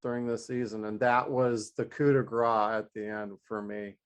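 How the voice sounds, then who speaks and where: A man's voice: lowish voice, little pitch movement, normal speed, clean tone. A man co-hosting a podcast, talking through a TV season in an easygoing casual chat, chuckling and quoting his own reactions. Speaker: podcast co-host. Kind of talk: casual chat recapping a TV show.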